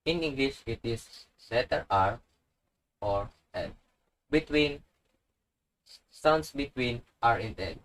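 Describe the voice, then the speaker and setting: Slow-paced man teaching letter sounds. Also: medium pitch, lively intonation, rough recording. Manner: slow, repeats each sound with example words. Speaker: language teacher. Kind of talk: slow instructional tutorial.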